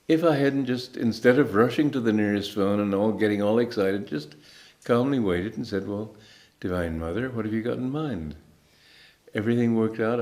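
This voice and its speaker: This spiritual teacher is in his eighties and speaks on the low side. His talk unfolds through stories told slowly and calmly, broken by pauses.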